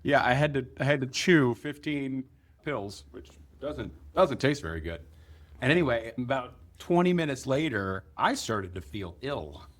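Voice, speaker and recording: A man co-hosting a podcast, telling stories quickly and vividly with some laughter. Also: medium pitch, sing-song. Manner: fast, vivid storytelling with laughs. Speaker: podcast co-host. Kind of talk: casual chat.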